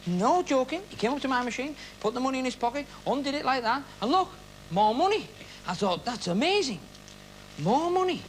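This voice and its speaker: A man's voice: extremely high pitch, big pitch swings, brisk, slight background noise, low-quality recording. A man hosting a televised magic comedy act, joking and teasing the audience volunteers on stage.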